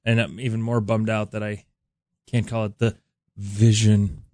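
A man's voice: on the low side, flat delivery, a little slow, darkish tone, dry recording. A man co-hosting a radio show, joking and rambling with frequent laughs. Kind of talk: casual morning radio chat.

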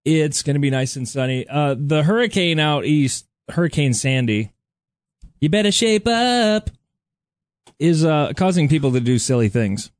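A man's voice: medium pitch, darkish tone, dry recording, studio quality. Chatty male radio morning host. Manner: chatty, jokey, many "uh" pauses. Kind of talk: casual radio banter. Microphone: studio microphone.

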